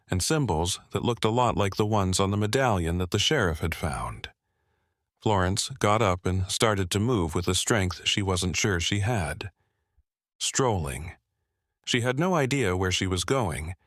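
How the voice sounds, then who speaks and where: Deep-voiced man narrating a story. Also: a bit bright, dry recording, clean studio sound. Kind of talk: scripted narration.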